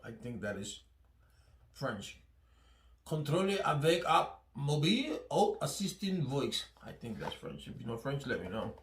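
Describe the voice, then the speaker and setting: A man's voice: mid-range voice, big pitch swings, measured pace, slight background noise. A man hosting his own channel, chatting casually through a product review, often checking in with "right?" and restarting his phrases. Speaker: channel host. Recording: echoey room.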